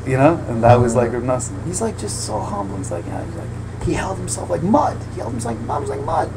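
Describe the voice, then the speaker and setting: A man, a rabbi, teaching an informal lesson in a lively, slangy way that often builds to loud fervor. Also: medium pitch, noisy background. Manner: animated, heavy slang, quick asides, rising to loud fervor.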